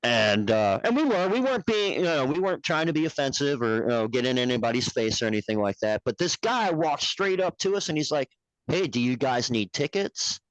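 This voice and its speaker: A man's voice: fairly high pitch, sing-song, fairly quick, hardly any pauses, no room sound, rough recording. A man who produces a puppet show, telling stories as a podcast guest in a rambling, profane, laughing way. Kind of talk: casual storytelling chat.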